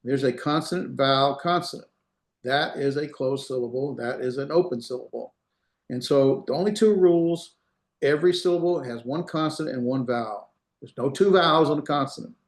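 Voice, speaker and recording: Speaking fairly quickly at medium pitch, a man teaches a Hebrew class, breaking ideas into steps, repeating examples, and making sure students keep up. The room gives the recording an echo.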